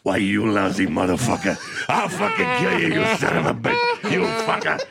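A man voicing a gruff, hot-tempered old male bar owner who bellows profane threats. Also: on the low side, wildly swooping pitch, moderate pace, over a noisy crowd, voice pushed down, heavily acted. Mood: furious.

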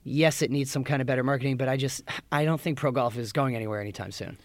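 A man co-hosting a podcast in casual chat, telling stories with animated delivery and mimicking crowd shouts. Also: medium pitch, fast talker, no echo. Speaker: podcast co-host.

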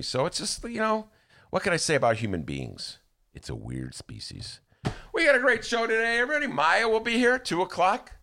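A talk-radio host, a man with a low voice that swoops up and down lively. He rambles, circles back and restarts his sentences in loose, casual chat. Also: vocal fry. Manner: rambling, animated, with frequent restarts.

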